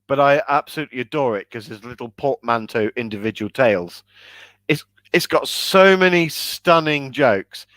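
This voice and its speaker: A man's voice: animated, moderate pace, dry recording. A man co-hosting a casual chat, enthusiastic and hiccuping as he talks about films. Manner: enthusiastic, acts out quoted lines in high shouts. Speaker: podcast co-host.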